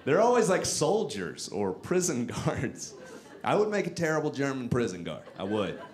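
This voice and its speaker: Animated self-mocking comedian from Texas. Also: male voice, mid-range voice, normal speed. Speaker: stand-up comedian. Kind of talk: stand-up comedy set. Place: comedy club stage.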